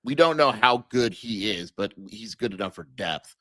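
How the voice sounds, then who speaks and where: A man co-hosting a casual sports podcast, speaking in a measured, analytical way and thinking out loud. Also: lowish voice, animated, no echo. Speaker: podcast co-host. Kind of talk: casual sports talk livestream.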